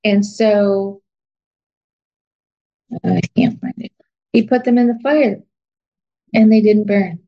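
A woman's voice: medium pitch, steady tone, takes it slowly, pauses often. A woman teaching an informal Bible lesson, chatty and self-deprecating, leafing through her notes as she talks. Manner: chatty, laughs at herself, searches notes aloud. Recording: dull lo-fi recording.

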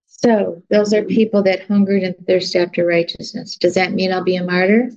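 A woman's voice: on the low side, level tone, normal speed, darkish tone. A woman teaching an informal Bible lesson, chatty and self-deprecating, leafing through her notes as she talks. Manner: chatty, laughs at herself, searches notes aloud. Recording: dull lo-fi recording.

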